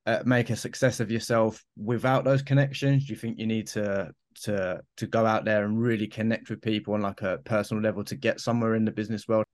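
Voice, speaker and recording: Rambling male interviewer, lowish voice. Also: little pitch movement, fairly quick, hardly any pauses. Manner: rambling questions with restarts, agreeable. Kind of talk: casual interview chat.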